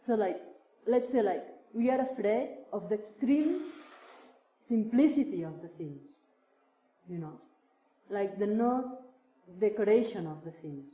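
Slow, searching woman in a roomy space. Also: mid-range voice. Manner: slow, searching, many fillers like "like". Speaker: speaker sharing a teacher's words with a group. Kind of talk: reflective spiritual talk. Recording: roomy, dull lo-fi sound.

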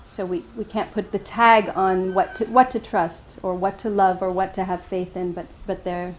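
A woman meditation teacher gives a dharma talk, telling a story and then reflecting in a gentle, unhurried way. She speaks at a middle pitch, sometimes restarting her phrases and laughing easily. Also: little pitch movement, a little hiss or hum, low-quality recording.

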